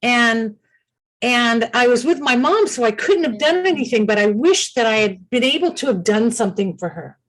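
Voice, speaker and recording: A woman's voice: on the high side, expressive, a little fast, few pauses, low-quality recording. A woman who founded a caregiver support group, telling a personal story on a talk show in an earnest, heartfelt, rambling way.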